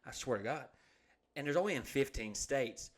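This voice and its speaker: A man tells a long, profanity-laced story in loose casual chat. His voice sits at an ordinary middle pitch. He rambles, swears constantly and slips into quick impressions of the people in the anecdote. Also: animated. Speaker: podcast co-host.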